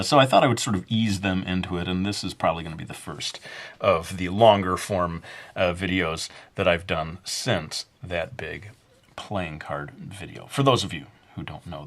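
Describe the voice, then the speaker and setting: A man's voice: sits low, steady tone, normal speed. A man narrating a casual drawing tutorial in a jokingly put-on Brooklyn accent, rambling and self-mocking as he draws. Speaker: drawing instructor.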